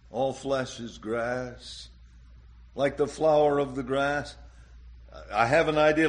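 A man preaching a sermon, slow and deliberate, with dramatic rises and drops in pitch and loudness. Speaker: pastor.

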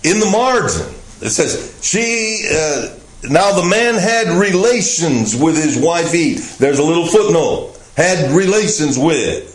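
A man teaching a Bible lesson as pastor, speaking slowly and deliberately with frequent "uh" fillers. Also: on the high side, very animated, reverberant, low-quality recording.

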